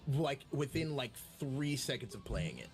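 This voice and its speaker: A man chatting on a stream voice call, telling animated stories and acting out quotes. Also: mid-range voice, normal speed, music in the background. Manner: animated storyteller who acts out quotes. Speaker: guest on a stream voice chat. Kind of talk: casual group chat on a live stream.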